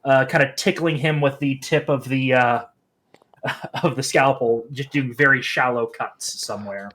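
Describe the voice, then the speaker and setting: A man's voice: mid-range voice, steady tone, measured pace, a bit bright. A man playing a tabletop game, describing his character's actions with hesitant restarts. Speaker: player.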